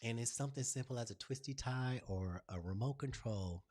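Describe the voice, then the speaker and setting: A man hosts a live stream with an ordinary mid-range voice, talking casually and affectionately to his viewers. He tells stories with lots of energy and swings between loud excitement and a soft, hushed delivery. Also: mid-range voice, a little fast. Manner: casual and affectionate, calling viewers "y'all", "baby" and "honey". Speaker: channel host. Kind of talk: live-stream chat, spiritual pep talk.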